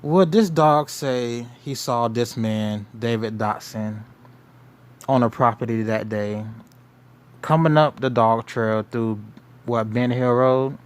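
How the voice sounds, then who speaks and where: Male host, casual commentary, unhurried, musing and repetitive. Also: mid-range voice, clear, resonant tone. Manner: rambling, musing, repeats himself. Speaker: show host.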